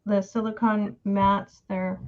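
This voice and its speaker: A woman co-host asks easygoing questions in a chatty, relaxed way. Her voice comes through dull and muffled, as if over a video call. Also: medium pitch, slow. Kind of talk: casual chat.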